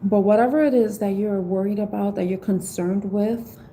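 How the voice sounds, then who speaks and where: Mellow woman giving a live tarot reading. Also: medium pitch, steady tone, moderate pace, slight background noise, poor audio. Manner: casual, heartfelt, spiritual encouragement; reads aloud from an oracle book, then explains in her own words. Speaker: tarot reader.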